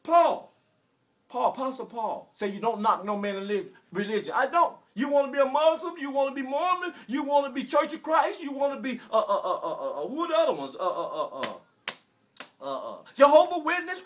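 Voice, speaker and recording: Man in his forties, Southern American accent, strikingly high voice, preachy and emphatic, bursts of shouting. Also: very animated, fairly quick. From Arkansas, US. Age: 40s. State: emotional. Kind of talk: impassioned direct-to-camera rant.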